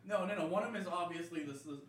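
A man's voice: fairly high pitch, a crowd in the background. A man bantering and teasing friends during a taste test. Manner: quick, teasing, repetitive. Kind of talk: casual group banter.

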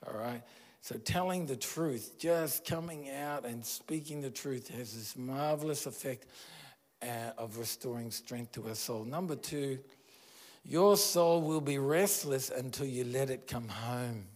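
A man's voice: mid-range voice, a little slow, a little mellow. A man preaching a sermon as pastor, earnest and conversational, asking his listeners questions.

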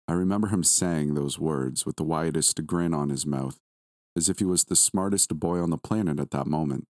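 A man with a very low voice reads a first-person horror story. His delivery is steady and measured. The sound is close and dry, with no room around it. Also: dry recording. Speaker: story narrator.

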